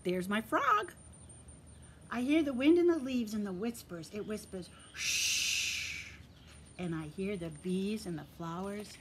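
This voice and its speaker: Woman, preschool teacher, storybook read-aloud, gentle, encouraging, soft whispers, medium pitch. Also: normal speed, hardly any pauses, background noise. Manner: gentle and encouraging, addresses children directly; drops to a soft whisper for quiet moments. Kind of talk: reading a picture book aloud to young children.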